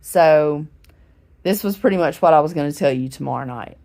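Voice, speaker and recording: A woman's voice: low voice, normal speed, mellow. A woman in her forties, a vlogger who feels unwell, tells her channel a rambling, chatty story with many fillers while sitting in a recliner at home. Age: 40s. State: unwell, recovering from a head injury. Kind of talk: casual talking-to-camera vlog.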